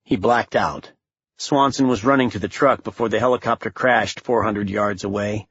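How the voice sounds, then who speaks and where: Guy narrating a thriller audiobook, husky steady voice, dry and a bit dull. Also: lowish voice, normal speed. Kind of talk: scripted narration.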